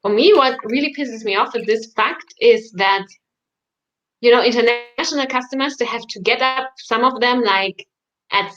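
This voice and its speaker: A woman's voice: a little high, fairly bright tone, highs cut off. A woman guest in a casual livestream chat, hesitant and searching for her words.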